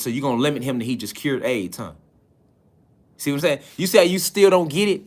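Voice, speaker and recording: Insistent preachy man, higher voice. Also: lively intonation, a little fast. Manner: fires rhetorical questions at listeners; emphatic, insistent. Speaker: online spiritual lecturer. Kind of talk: preachy spiritual lecture.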